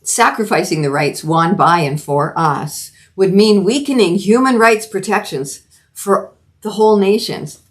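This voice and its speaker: A woman's voice: medium pitch, a little slow. A middle-aged woman from Canada hosting a solo commentary podcast, talking earnestly and emphatically with frequent restarts. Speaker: podcast host.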